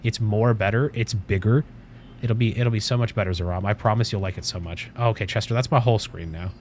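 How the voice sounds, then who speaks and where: A man's voice: lowish voice, fairly even intonation, fast talker, darkish tone, a little hiss or hum. A man hosting a casual livestream from his desk at home, rambling, swearing offhandedly and cooing at his cat. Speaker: livestream host.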